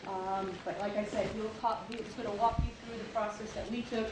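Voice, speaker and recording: A woman's voice: mid-range voice, level tone, fairly quick. A woman who works as a town parks director, introducing a speaker at a public meeting in a hesitant way with many fillers. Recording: echoey, distant, noisy meeting room.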